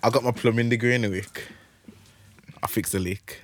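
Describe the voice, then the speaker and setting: A man's voice: mid-range voice, fairly even intonation, normal speed, very noisy. A man, co-hosting a podcast and telling loose, slangy stories with frequent laughter. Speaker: podcast co-host. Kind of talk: casual banter.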